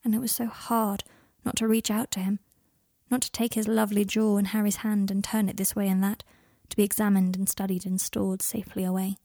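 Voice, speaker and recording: A woman reading a story aloud, with soft, intimate, measured narration. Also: medium pitch, little pitch movement, no echo, studio quality. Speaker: podfic reader. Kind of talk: audiobook narration of fan fiction.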